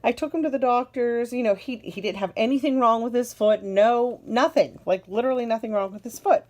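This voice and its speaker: A woman's voice: on the high side, fairly quick, darkish tone. Woman, parent reviewer, casual demo, chatty, enthusiastic, repeats words. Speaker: parent reviewing a car seat. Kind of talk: casual product demonstration.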